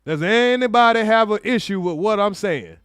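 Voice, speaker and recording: A man's voice: high voice, lively intonation, moderate pace, a bit bright, clean tone, no echo, clean studio sound, soft background music. A man streaming his reaction to a clip, mocking and sarcastic, talking straight to his chat. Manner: mocking, sarcastic, mimics apologies in exaggerated voices. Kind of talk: livestream reaction commentary.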